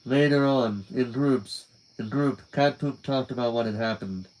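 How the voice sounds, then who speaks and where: A young man reads a novel aloud in a live stream, casual and conversational between lines. His voice sits at an ordinary middle pitch. Crickets chirp softly behind him in the quiet night. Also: unhurried, poor audio. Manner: casual, laughs and swears in asides. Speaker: reader.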